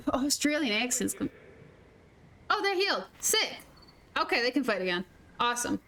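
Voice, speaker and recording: A woman streamer giving casual gameplay commentary, blurting excited exclamations and mild curses as she plays. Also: high-pitched, moderate pace, a little hiss or hum, poor audio. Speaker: gaming streamer. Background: game music.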